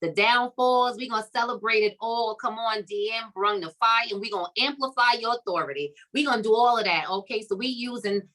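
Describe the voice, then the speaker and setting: Bright emphatic woman hosting a summit. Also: on the high side, fairly quick, few pauses, low-quality recording. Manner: emphatic, preacher-like, repeating phrases with "come on" and "okay". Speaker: summit host. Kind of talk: encouraging faith-based talk to a live online audience.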